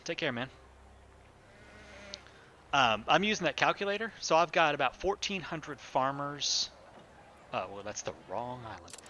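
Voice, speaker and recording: Playing a city-builder live, a man chats with his viewers and thinks aloud, his casual commentary rambling with fillers and self-corrections. He has a mid-range, pushed, bright voice, and there's slight background noise.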